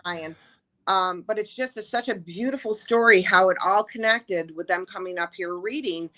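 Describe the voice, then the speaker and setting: A woman's voice: mid-range voice, normal speed, a bit bright. A woman from the shelter staff sharing an adoption story with heartfelt emotion in a casual interview.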